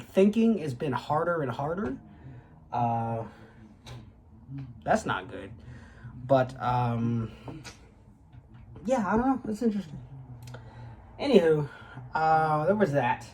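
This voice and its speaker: A man's voice: medium pitch, a little hiss or hum, rough recording. A young man in his twenties, a graduate student, talking to the camera in a rambling casual vlog with lots of fillers and swearing. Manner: rambling, with frequent fillers and profanity.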